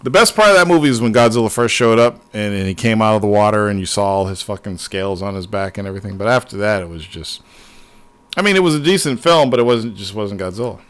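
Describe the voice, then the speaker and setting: A man hosting a casual livestream, talking excitedly and swearing often as he rambles to his viewers. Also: on the low side, fast, smooth. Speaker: livestream host.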